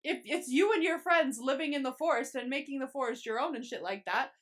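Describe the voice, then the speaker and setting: A young woman co-hosting a podcast, chatting casually and swearing freely as she recaps a series. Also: high voice. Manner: swears a lot, quick and animated. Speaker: podcast co-host.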